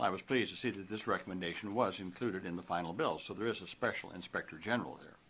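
A middle-aged man, a senator, delivering a formal prepared statement in a measured, deliberate way with occasional hesitations. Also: on the low side, a bit bright.

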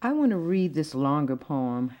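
A woman poet being interviewed and reading her own work, unhurried and quick to laugh. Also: low-pitched, very animated, dull audio. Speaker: guest poet. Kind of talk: interview conversation and poetry reading.

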